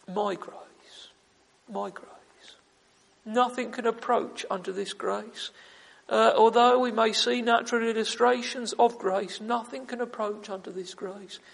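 A man's voice: high voice, steady tone, unhurried, gravelly. A man preaching a sermon with fervour, repeating key phrases and crying out "oh" for emphasis, recorded in a church. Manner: fervent, repetitive, with emphatic "oh" exclamations. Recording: long reverb of a large hall.

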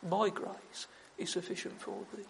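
Male preacher, very high gravelly voice, fervent and repetitive, reverberant church hall. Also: flat delivery, measured pace, a little hiss or hum. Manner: fervent, repetitive, with emphatic "oh" exclamations. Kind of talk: sermon. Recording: long reverb of a large hall.

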